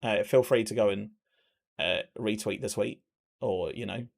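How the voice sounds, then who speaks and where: A man hosting a live watch-along stream, chatting excitably to his viewers. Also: lowish voice, measured pace, vocal fry. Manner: excitable, talks to chat.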